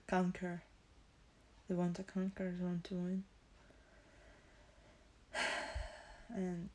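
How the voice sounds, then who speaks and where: Soft, halting young woman streamer. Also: medium pitch. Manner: halting, hesitant, searching for words. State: emotional, teary. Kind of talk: casual live stream talk.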